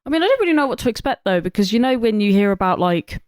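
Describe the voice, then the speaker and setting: A young co-host chatting about a show with lots of swearing, excited restarts and fillers. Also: medium pitch, rapid-fire, smooth, dry recording, studio quality. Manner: animated, sweary, restarts often. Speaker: podcast co-host. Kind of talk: casual film chat.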